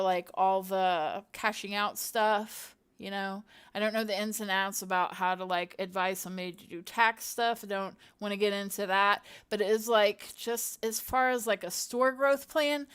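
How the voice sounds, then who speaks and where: A woman's voice: mid-range voice, a bit bright, clear, resonant tone. A middle-aged woman at home chatting casually to her viewers as she works, rambling and talking to herself with many fillers. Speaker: content creator. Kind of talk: casual chat while working on a computer. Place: at home, with her cat nearby.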